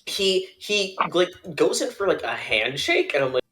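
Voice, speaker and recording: A young man in casual podcast chat, spinning a story from work with lively swings in his voice. He laughs through his lines and slips into quick impressions of the people in his story. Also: high-pitched, crowd noise. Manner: animated, laughing, acts out quoted people. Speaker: podcast co-host.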